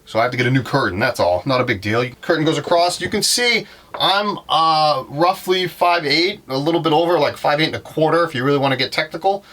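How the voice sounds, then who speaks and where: A man's voice: a little high, fairly quick, fairly bright tone. A young man with a Boston accent, casually walking through his van on a vlog, rambling with lots of ums and self-corrections. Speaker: van life vlogger. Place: inside a van.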